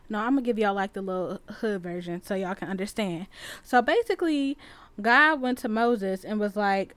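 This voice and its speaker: A young woman from the west side of Chicago, hosting a faith podcast in a chatty, animated way and retelling Bible stories in everyday slang. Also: mid-range voice, moderate pace, no room sound. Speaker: podcast host. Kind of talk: casual faith podcast talk.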